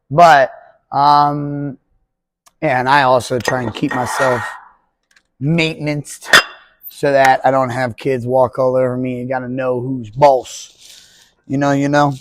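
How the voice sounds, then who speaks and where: A man's voice: medium pitch, little pitch movement, slow, long pauses. A man in his twenties, a pole vault coach, talking casually and rambling on a podcast. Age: 20s. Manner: rambling, conversational, jokey.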